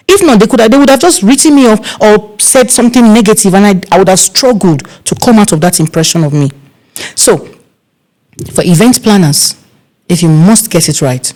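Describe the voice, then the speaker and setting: A middle-aged Nigerian woman, an event planner being interviewed, telling stories in a casual, animated way and acting out other people's voices. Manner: animated, acts out quoted voices with big pitch jumps.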